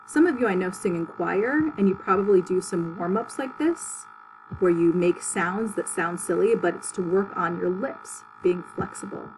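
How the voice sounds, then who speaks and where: A woman teaching a public speaking class, walking students through articulation drills with clear, exaggerated syllables and plain instructions. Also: fairly low pitch, normal speed, slight background noise, poor audio.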